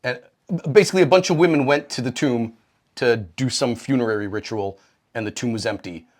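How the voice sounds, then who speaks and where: A man co-hosting a comedy podcast, retelling old stories in a profane, irreverent way and jumping into quoted voices. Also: brisk. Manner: profane, animated, acts out quoted characters with big pitch jumps. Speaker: podcast co-host.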